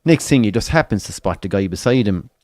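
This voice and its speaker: Animated Irish man telling a pub story. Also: lowish voice, brisk, dry recording, studio quality. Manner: swearing, animated storyteller acting out characters. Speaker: watchalong co-host.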